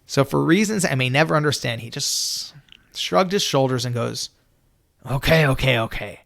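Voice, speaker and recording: A young man telling a personal story in a lively, animated way, acting out his younger self and often saying "you know". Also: moderate pace, gravelly, no room sound. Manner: lively, acts out his own younger self in a high excited voice; peppers speech with "you know". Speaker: storyteller guest.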